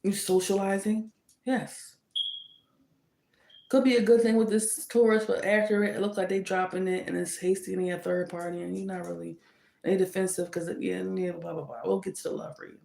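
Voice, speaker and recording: Woman doing a tarot reading, raspy fry in her voice, firing off sassy how-dare-you questions. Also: medium pitch, level tone, a little fast, dark tone. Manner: emphatic, scolds with indignant rhetorical questions. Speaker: tarot reader. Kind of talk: casual tarot reading to camera. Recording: echoey room.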